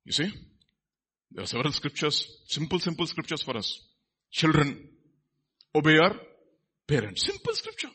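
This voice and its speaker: A man's voice: on the high side, wildly swooping pitch, moderate pace, long pauses, pushed and bright, slightly rough. A man preaching a sermon, asking the congregation questions as he teaches from scripture. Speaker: pastor.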